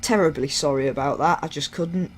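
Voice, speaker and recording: Brisk and fairly high-pitched, a gaming YouTuber narrates his train simulator session casually. He rambles and cracks jokes at his own expense over faint game sounds, with a little hiss or hum.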